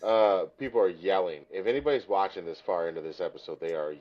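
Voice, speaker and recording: A man co-hosting a podcast, chatting casually in an animated, rambling, self-deprecating way. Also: deep voice, fast, dull audio. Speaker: podcast co-host. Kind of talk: casual chat.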